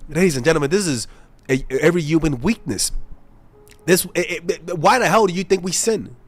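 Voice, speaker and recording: A young man, a dating coach, talking casually and bluntly to camera, swearing freely and telling stories with animated energy. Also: on the high side, fairly quick. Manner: blunt, profane, animated storytelling.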